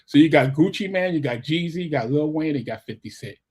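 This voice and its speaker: A man from New York co-hosting a podcast in casual chat, animated, reading live comments aloud with quick exclamations. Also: fairly high pitch, slightly rough. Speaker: podcast co-host.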